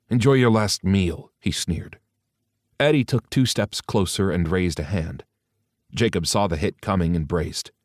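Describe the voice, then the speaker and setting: Deep-voiced male audiobook narrator. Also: darkish tone, no room sound, clean studio sound.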